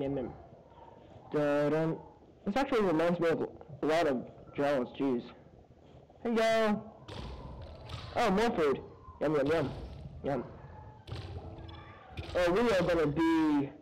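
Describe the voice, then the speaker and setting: A man giving rambling, goofy let's-play commentary on a low-quality mic, now and then breaking into excited high-pitched yelps. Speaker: gaming commentator. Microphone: low-quality microphone.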